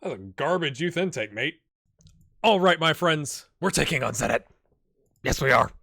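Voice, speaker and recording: Lively, bright-voiced male gaming host. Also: on the high side, moderate pace, gravelly, no echo, clean studio sound. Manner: chatty, excitable, talks straight to viewers. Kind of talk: live game commentary.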